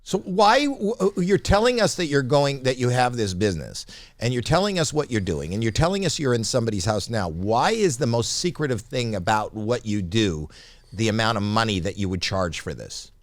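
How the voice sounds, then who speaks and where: A man's voice: medium pitch, very animated, moderate pace, no room sound, clean studio sound. A man co-hosting a comedy chat, teasing a guest with probing questions. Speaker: co-host.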